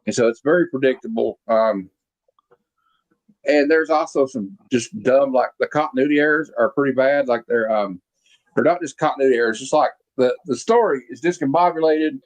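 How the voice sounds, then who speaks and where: A man with a mid-range voice talks at normal speed while hosting a casual movie review podcast, rambling and restarting often amid many fillers. The video-call audio is rough.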